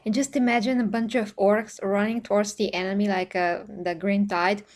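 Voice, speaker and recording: A woman's voice: mid-range voice, fairly even intonation, moderate pace, a little mellow. Giggly woman hosting a reaction stream. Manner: giggly, playful, imaginative. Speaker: host reacting to a video. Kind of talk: casual reaction chat.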